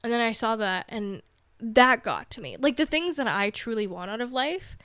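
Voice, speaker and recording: Her voice runs high and fairly bright, with big pitch swings, a moderate pace, and no echo. The young adult podcast host talks solo in a candid, meandering way, using "like" nearly every sentence.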